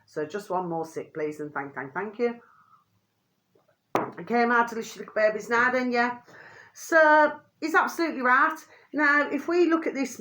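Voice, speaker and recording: A woman's voice: mid-range voice, sharp tone. An older woman, vlogging in a rambling, chatty way, repeating the same pet phrase and drifting off topic. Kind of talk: rambling casual monologue to camera.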